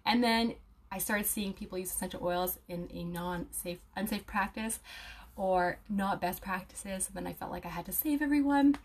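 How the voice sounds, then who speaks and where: Chatty young woman vlogging. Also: lowish voice. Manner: chatty, animated, many fillers and laughs. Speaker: aromatherapy student and live-stream host. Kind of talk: casual chat reading viewer comments.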